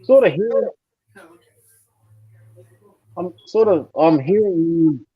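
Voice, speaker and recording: A man's voice: high voice, expressive, slow, breathy edge, no room sound. Australian man on a muffled line. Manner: rambling, swears casually. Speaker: guest. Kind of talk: casual live-stream chat. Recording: muffled audio over a call.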